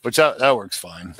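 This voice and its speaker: A man's voice: medium pitch, bright, forceful tone, slightly rough, dry recording. A man in a casual chat, easygoing, explaining his painting method step by step.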